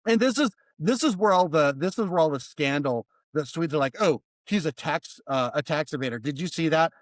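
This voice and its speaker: Male podcast guest, casual storyteller, slightly high, dry close sound, lively and profane. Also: brisk, no echo. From United States. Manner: animated, swearing, mimics voices in quotes.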